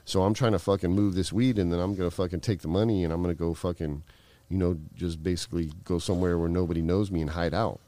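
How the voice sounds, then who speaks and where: A middle-aged man tells his story in a loose, rambling way, peppered with swearing and filler words. His voice sits very low, and the recording is dry with no room sound. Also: steady tone, quick pace, hardly any pauses, mellow, dry recording. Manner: rambling, profane, heavy fillers. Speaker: guest. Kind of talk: casual storytelling.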